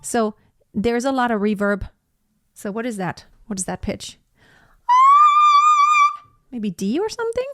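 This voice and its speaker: With a fairly high, a little mellow voice full of big pitch swings, she speaks unhurriedly and pauses often. She's an opera singer responding casually to a performance, eagerly breaking down vocal technique and singing brief notes to demonstrate.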